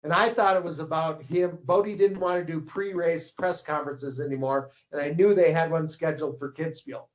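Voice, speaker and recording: A man in his sixties, a longtime ski racing coach and publisher, tells anecdotes as a podcast guest. His fairly high voice keeps a steady tone at normal speed with hardly any pauses. He rambles, repeats words and acts out what others said, and the lo-fi podcast audio is slightly muffled.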